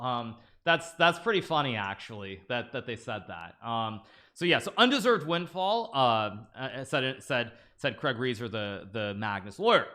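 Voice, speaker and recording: A man with a medium-pitched voice, talking at normal speed, reads a news article aloud to viewers on a live stream. He comments casually and animatedly, stumbling, stammering and restarting often, tossing in amused asides.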